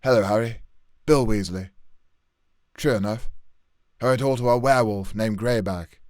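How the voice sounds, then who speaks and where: A man voicing a calm, scarred young male wizard who speaks in a clipped, matter-of-fact way. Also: lowish voice, moderate pace, dry recording, studio quality, natural voice.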